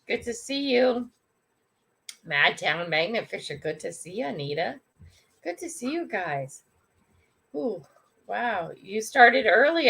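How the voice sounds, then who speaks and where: A woman's voice: on the low side, bright, forceful tone. An older woman hosting a casual morning livestream from home, chatting, greeting viewers by name, and laughing often. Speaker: livestream host.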